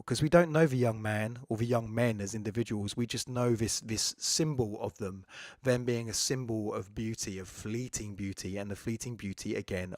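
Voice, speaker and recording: A man's voice: lowish voice, no room sound, clean studio sound. A man hosting a podcast, talking through poetry in a casual, digressive way, with fillers and self-corrections. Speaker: podcast host. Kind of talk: casual spoken lecture on poetry.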